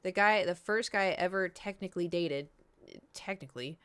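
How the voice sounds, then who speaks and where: A woman's voice: lowish voice, moderate pace, fairly bright tone, smooth. A woman, chatting casually on stream and telling a rambling story full of fillers and quoted voices. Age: 30s.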